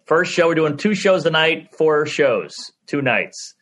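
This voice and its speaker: A man, a stand-up comedian, telling a story on a podcast in an animated way and acting out the people in it. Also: on the high side, a little slow. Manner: animated, acts out the people in his stories.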